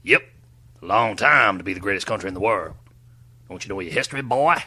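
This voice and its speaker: Man acting loud boastful Texan author, gravelly drawl, bright tone, husky. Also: lowish voice, expressive, brisk, full character voice. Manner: brash, hollering.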